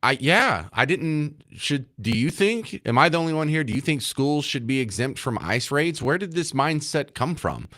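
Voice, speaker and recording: A man's voice: a little high, very animated, moderate pace, hardly any pauses, fairly bright tone. Sarcastic talk radio host man. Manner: sarcastic, rhetorical questions. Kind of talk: conservative talk radio chat.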